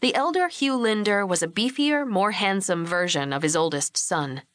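A woman narrating an audiobook in a measured, even storytelling manner, recorded on a close mic. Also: mid-range voice, no echo. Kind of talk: scripted narration.

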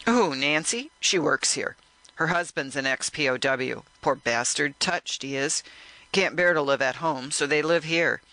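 A man reading an audiobook, voicing a tipsy man who talks in a gruff, offhand way. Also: a little high, lively intonation, measured pace, pushed and bright, dry recording, full character voice. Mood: defensive. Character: tipsy man, blunt and evasive.

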